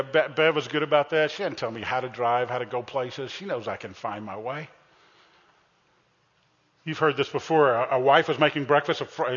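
A male pastor delivers a funny sermon, playfully teasing his congregation and calling out to them directly. His voice sits in the mid-range with a fairly bright tone. The recording is dull and echoey, as in a church sanctuary.

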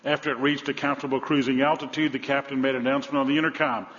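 A man preaching a sermon, telling stories with humor and swinging between loud emphasis and low, soft lines. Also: level tone, racing. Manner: storytelling with humor. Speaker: pastor. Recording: dull sound with long hall reverb.

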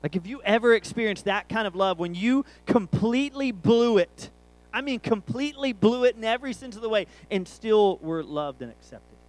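A man's voice: high-pitched, expressive, normal speed, rough recording. A man, preaching a sermon through a rambling, jokey family story.

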